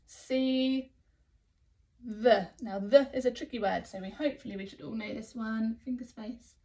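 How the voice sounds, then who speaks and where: A woman with an English accent teaching phonics to young children, sounding out letters slowly and praising often. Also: on the high side, fairly even intonation, dark tone. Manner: slow, sounding out letters, encouraging. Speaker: early years teacher.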